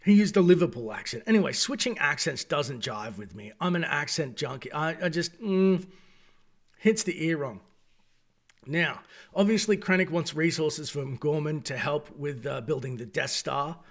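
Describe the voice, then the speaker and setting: An Australian man giving a casual, opinionated review, talking in an animated, digressive way. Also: on the high side, creaky. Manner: animated, digressive, acts out quoted voices. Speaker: video reviewer.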